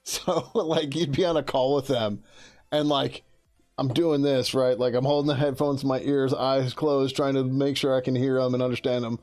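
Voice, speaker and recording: A man hosting a casual livestream as a software developer, talking in a laid-back, rambling way, swearing freely and laughing often. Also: mid-range voice, steady tone, normal speed.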